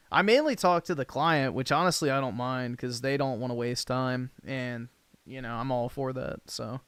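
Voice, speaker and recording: A man's voice: mid-range voice, a bit bright, smooth, dry recording. A man hosting a livestream, chatting casually and reacting to comments in a blunt, crude, offhand way. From United States. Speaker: livestream host.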